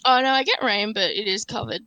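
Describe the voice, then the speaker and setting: A young woman chats as a guest on a podcast. Her voice is bright and her pitch moves around a lot, and she talks in a matter-of-fact way with plenty of fillers. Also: expressive, brisk, no room sound, muffled recording. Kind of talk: casual chat.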